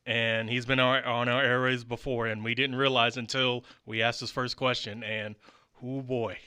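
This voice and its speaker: Male radio co-host, crisp resonant tone, even delivery, wry. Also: mid-range voice, normal speed, no echo. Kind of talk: casual morning radio chat. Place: radio studio.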